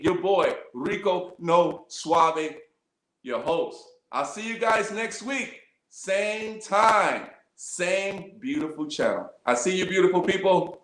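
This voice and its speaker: A man hosting an online interview show, talking in a hyped, effusive style full of slang. His voice sits a bit high for a man, and it rings around an echoey room. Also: a bit bright. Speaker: host. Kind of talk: casual interview sign-off.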